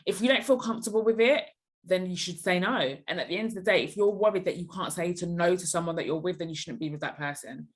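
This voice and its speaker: A woman's voice: lowish voice, fast talker. A young woman as a podcast guest, giving blunt, emphatic advice in a casual chat. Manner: emphatic, blunt, animated reactions.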